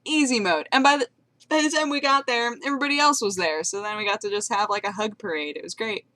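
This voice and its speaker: A woman's voice: on the high side, steady tone, fast talker, bright, forceful tone, no room sound. A young woman vlogging to her viewers in a bubbly, rambling way, giggling as she tells a story. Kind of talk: casual chat to camera.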